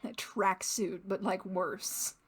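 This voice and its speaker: A woman's voice: medium pitch, steady tone, slow, slightly rough. A young adult woman hosting a gaming channel, giving casual, rambling let's-play commentary and laughing often.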